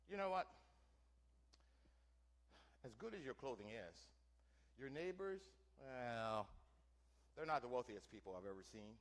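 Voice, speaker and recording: A man's voice: medium pitch, expressive, a little slow, pauses often. A man doing a first-person historical reenactment for a live audience, playing a wagon teamster and quizzing listeners with questions in a theatrical way. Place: church hall, before an audience.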